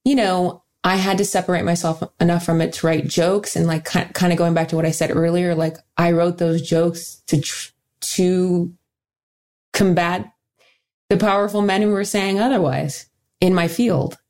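A woman stand-up comedian talking candidly in an interview, earnest and animated, often laughing and restarting her sentences. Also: lowish voice, moderate pace.

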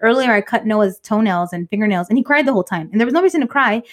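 A woman co-hosting a podcast, chatting casually and telling a lively story, slipping Spanish phrases into her English. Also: medium pitch, very fast. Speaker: podcast co-host. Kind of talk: casual chat.

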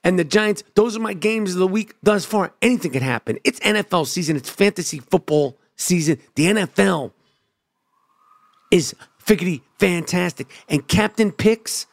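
A man's voice: high-pitched, animated, normal speed, few pauses. A man giving a brash, profane football opinion rant with swaggering trash talk. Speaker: sports commentator.

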